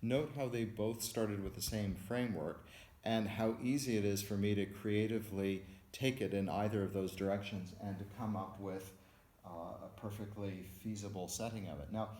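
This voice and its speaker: Low-voiced man teaching music theory. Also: fairly even intonation, normal speed, a little mellow, echoey room. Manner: explains step by step, counts beats aloud. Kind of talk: lecture with sung and spoken examples.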